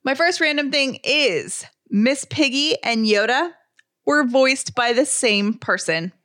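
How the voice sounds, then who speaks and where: A woman's voice: sits high, lively intonation, slow pace, fairly bright tone, dry recording, clean studio sound. A woman co-hosting a podcast, chatting casually and enthusiastically, laughing often while presenting fun facts. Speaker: podcast co-host. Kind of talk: casual chat.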